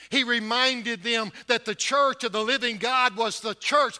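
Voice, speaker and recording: Inside a church, a man delivers a sermon to the congregation with direct urgency, his volume surging up and dropping low while his pace speeds and slows for emphasis. For a man his voice sits high, carrying a strikingly bright, sharp edge.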